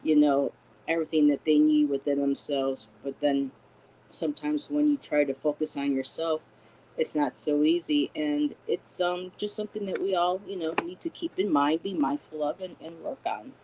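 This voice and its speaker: Gentle, encouraging woman guest. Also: sits low, steady tone, moderate pace, poor audio. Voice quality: gentle, encouraging, many fillers. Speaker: guest intuitive reader. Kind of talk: casual spiritual chat.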